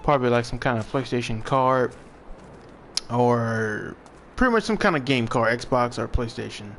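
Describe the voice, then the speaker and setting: A man's voice: medium pitch, moderate pace, a bit bright, a little hiss or hum. Laid-back young man streaming a game. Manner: laid-back, chatty, thinks aloud while playing. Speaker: gaming streamer. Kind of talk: casual live gameplay commentary.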